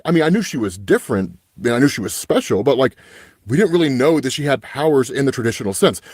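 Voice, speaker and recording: A man's voice: medium pitch, a little mellow, slightly rough, no room sound, studio quality. A young man hosting a casual comic book recap, animatedly paraphrasing the characters' dialogue with frequent "right?" asides. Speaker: comic book channel host.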